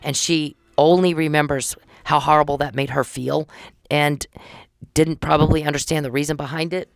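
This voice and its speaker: A woman's voice: low voice, fairly even intonation, moderate pace, vocal fry, dry recording, clean studio sound. A middle-aged woman hosting a podcast, chatting casually and indignantly as she recounts events and acts out the conversations she had. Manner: chatty, indignant, retells conversations with quoted dialogue. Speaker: podcast host.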